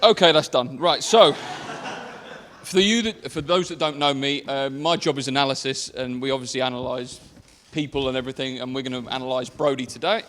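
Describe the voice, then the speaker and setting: A man giving a joking best man's speech at a wedding reception, brisk and apologetic. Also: medium pitch, fairly even intonation, a bit bright, some chatter behind. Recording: long hall reverb with faint noise.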